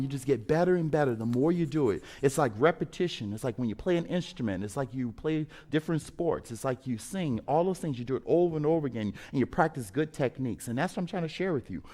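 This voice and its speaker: A man's voice: a little high, darkish tone. Upbeat man chanting through a drawing lesson. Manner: upbeat, chanting rhythmic sound words while drawing; encouraging, coaxing. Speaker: art teacher.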